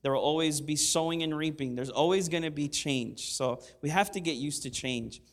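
High-voiced man preaching a sermon. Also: normal speed. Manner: conversational, asks the congregation for amens; self-deprecating humor. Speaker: pastor.

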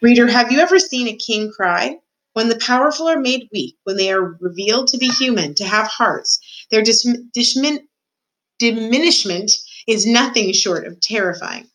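A woman's voice: a little high, animated, moderate pace, a bit bright, low-quality recording. A woman reading a children's novel aloud, as a student reading to an audience. She reads carefully and steadily, tripping over a word now and then. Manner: careful reading with occasional stumbles. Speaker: student reader.

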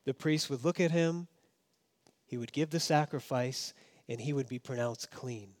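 A man preaching a sermon as pastor, swinging between emphatic raised passages and hushed, low asides. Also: measured pace.

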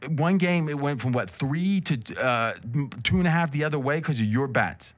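A man's voice: on the high side, animated, moderate pace. A man hosting a casual sports betting talk show, joking and teasing his guests with rambling asides. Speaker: host.

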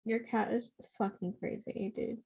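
A woman's voice: medium pitch, fairly even intonation, a little slow, creaky, darkish tone, husky, dry recording, muffled recording. A young woman co-hosting a podcast in casual chat, blunt and teasing, swearing freely. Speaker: podcast co-host.

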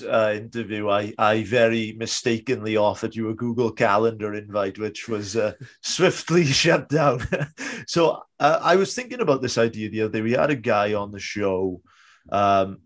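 Halting, low-voiced man host. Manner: halting, many fillers. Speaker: podcast host. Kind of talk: casual interview talk.

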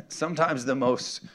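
Male pastor preaching with call-and-response. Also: medium pitch. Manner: energetic preaching with call-and-response questions and humor. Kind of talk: sermon. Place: church sanctuary with congregation.

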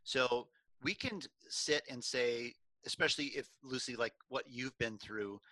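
A middle-aged man hosting a faith-based talk, asking reflective, measured questions. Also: medium pitch, bright, forceful tone, poor audio. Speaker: podcast host.

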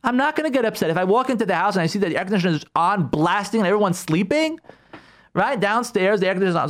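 Talking fast in a high, sing-song voice, a male rabbi delivers a forceful radio lecture on Jewish law and marriage, repeating key words and voicing his listeners' objections himself.

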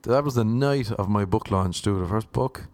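A man's voice: lowish voice, moderate pace, darkish tone, no room sound. A man from Cork with an Irish accent, telling comic stories in a rambling, sardonic way and swearing freely. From Ireland, Cork. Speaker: comedian. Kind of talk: comic monologue.

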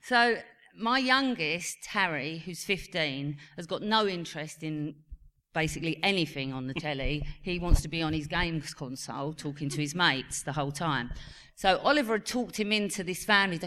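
A woman in her forties with an English accent telling a lively family story on stage, acting out the voices of her sons. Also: fairly low pitch, moderate pace. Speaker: actress on a reunion panel. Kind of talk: live stage Q&A anecdote. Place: cinema venue on stage.

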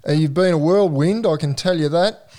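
A man's voice: on the high side, moderate pace, mellow. An Australian man hosting a podcast, asking questions in a friendly, easygoing way. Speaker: podcast host. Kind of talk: casual chat.

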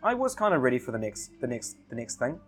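A man who is a podcast guest in casual chat, telling stories in a relaxed way, laughing often and repeating his words. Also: medium pitch, quick pace, faint music behind.

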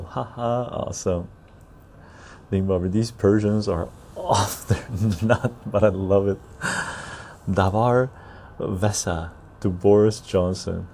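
Casting note: low gravelly man, relaxed podcast host chatting on a patio, laughs a lot, faint noise behind. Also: slow. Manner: laughs often, reads chat aloud, swears. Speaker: podcast host reading chat. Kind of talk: casual chat. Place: outdoor patio.

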